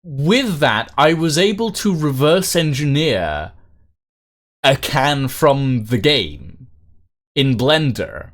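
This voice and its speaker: A man's voice: medium pitch, animated, slow, fairly bright tone. A man chatting casually on a live stream, rambling with lots of fillers and restarts.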